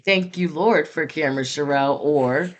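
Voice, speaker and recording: A young woman co-hosts a podcast in a somewhat low voice, expressive and quick to needle her partner. Her talk stays casual and animated with mock annoyance. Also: muffled recording. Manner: expressive, playfully exasperated. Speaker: podcast co-host. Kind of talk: casual chat.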